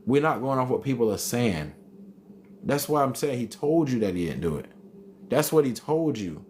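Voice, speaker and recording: A man's voice: medium pitch, very animated, moderate pace, a little mellow, a little hiss or hum. A man hosting a live stream, reading chat comments aloud and arguing back with emphatic repetition. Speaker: livestream host reading chat.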